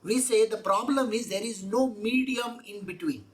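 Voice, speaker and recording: This spiritual teacher has a slightly high voice and talks at a normal speed. Going verse by verse, she expounds on scripture, circling back to her points and asking rhetorical questions.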